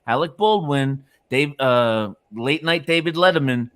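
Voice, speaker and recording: A man's voice: fairly high pitch, unhurried, a bit bright, smooth, no echo. A man co-hosting a live panel show in casual, profane, rambling chat, laughing often. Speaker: podcast co-host.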